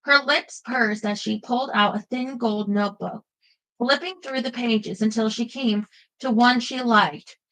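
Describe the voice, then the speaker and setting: A woman giving a lively first-person audiobook narration. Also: fairly high pitch, measured pace, poor audio.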